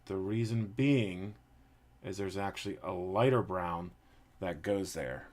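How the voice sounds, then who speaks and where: A man's voice: low voice, takes it slowly, darkish tone. A man casually chatting to his livestream viewers while painting a model, rambling with lots of fillers. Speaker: streamer painting a 3D print.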